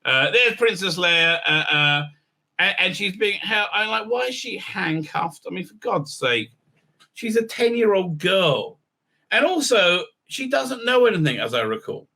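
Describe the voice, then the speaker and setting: A man's voice: high voice, very animated, measured pace, bright, forceful tone. A man reviewing a show in a casual, rambling recap. He hesitates a lot, piles up fillers and keeps an irreverent tone. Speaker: video reviewer.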